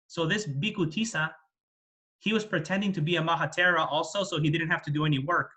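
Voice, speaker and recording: Bright-voiced monk telling a story. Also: male voice, on the high side, a little fast. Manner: plain, repetitive storytelling with fillers. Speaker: Buddhist monk. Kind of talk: dharma talk storytelling.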